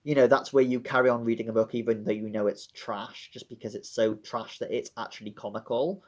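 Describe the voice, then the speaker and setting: A man's voice: medium pitch, level tone, a little fast. A young man vlogging about books in a dramatic, sardonic way. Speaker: book vlogger. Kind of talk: casual book vlog.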